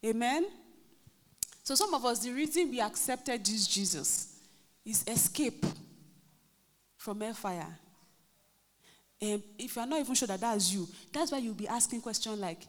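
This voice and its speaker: A Nigerian woman pastor preaching a lively sermon, acting out quotes and joking with her congregation. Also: fairly high pitch, a little slow, long pauses. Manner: animated, acts out quotes, jokes with the congregation. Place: church hall. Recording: reverberant church hall.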